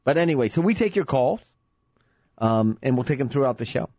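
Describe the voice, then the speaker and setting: A man's voice: mid-range voice, expressive, a little fast, darkish tone, no room sound, dull audio. A man co-hosting a weekend radio advice show, teasing his partner with playful jokes. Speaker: radio show co-host and financial advisor. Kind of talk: casual radio banter. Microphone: studio microphone.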